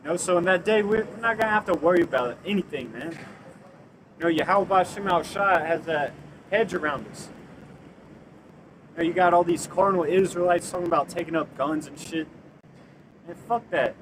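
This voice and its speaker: A man's voice: sits high, moderate pace, pauses often. A man reading scripture aloud outdoors, then commenting on it in a blunt, casual way that includes swearing. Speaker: scripture reader at street preaching. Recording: outdoor street noise, passing traffic.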